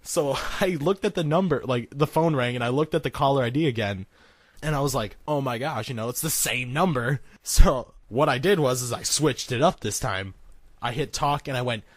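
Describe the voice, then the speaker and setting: A young man co-hosting a podcast, telling a story in an animated, laughing way. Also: medium pitch, normal speed, dry recording. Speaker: podcast co-host. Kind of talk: casual storytelling.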